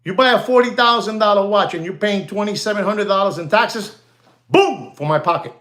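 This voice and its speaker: A man in his sixties, a watch dealer, ranting to viewers of his channel in a rambling, repetitive way, often calling out to "ladies and gentlemen" and dropping in Spanish slang. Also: sits high, a little fast. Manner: animated, rambling, repeats himself, addresses audience as ladies and gentlemen. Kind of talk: livestream rant to viewers.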